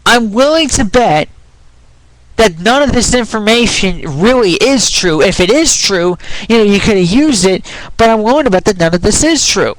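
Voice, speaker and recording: A young man rants in a frustrated, rambling opinion vlog, swearing as he argues and restarting his sentences. His high-pitched, expressive voice moves at a moderate pace and cracks when it climbs, in a rough recording with no room sound.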